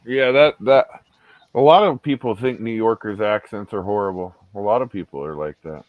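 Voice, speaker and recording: A man's voice: lowish voice, normal speed, dry recording, narrow, tinny audio. A man chatting easily on a livestream panel, mostly agreeing with the others. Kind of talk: casual chat.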